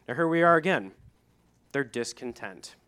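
A man's voice: mid-range voice, animated, measured pace, fairly bright tone. A middle-aged man, preaching a sermon in a conversational way, reading scripture and adding asides. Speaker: pastor.

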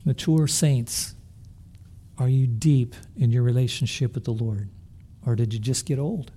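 At a slightly slow pace, a pastor with a medium-pitched, warm and slightly rough voice gives an earnest sermon. He asks his listeners many rhetorical questions and often restarts or repeats words as he thinks aloud.

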